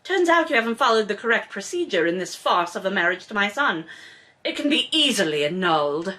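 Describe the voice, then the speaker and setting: A woman reading aloud as a cold, snobbish, wealthy older mother-in-law, speaking in an icy, condescending, measured way. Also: medium pitch, big pitch swings, pushed and bright. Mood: cold disdain.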